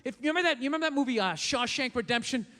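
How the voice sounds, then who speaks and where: A man doing a stand-up comedy rant, profane and bursting into shouts. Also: very high voice, animated, racing, long reverb tail.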